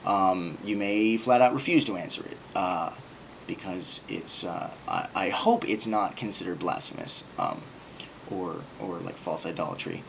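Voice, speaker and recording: A man with a slightly low voice rambles to camera in a sarcastic, self-mocking way, stumbling through ums and uhs. A faint hum sits under the recording. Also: sing-song, measured pace, gravelly, fairly bright tone. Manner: rambling, sarcastic, full of filler words. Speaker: video blogger. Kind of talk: casual monologue to camera.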